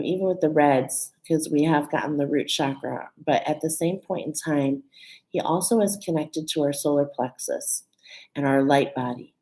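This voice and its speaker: In a warm, low voice, a woman leads a casual live spiritual card reading, chatting easily and repeatedly checking in with listeners through fillers like "okay?" and "right?" She gets emotional at times, laughing and close to tears, and the recording quality is low.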